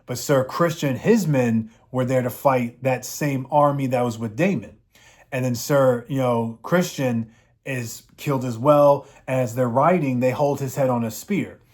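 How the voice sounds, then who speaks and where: A man's voice: mid-range voice, measured pace, a little mellow. A man giving a casual, rambling episode recap, with frequent fillers. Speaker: show reviewer.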